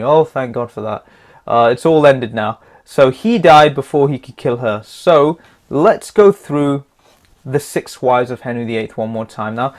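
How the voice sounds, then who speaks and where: A man teaching a casual test-prep lesson, chatty and jokey, with frequent fillers and repeated words. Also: mid-range voice.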